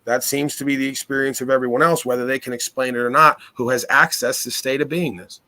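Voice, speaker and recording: A man's voice: mid-range voice, fairly even intonation, fast talker, bright, forceful tone. A man hosting a casual talk, speaking with confidence and authority and piling up rhetorical questions.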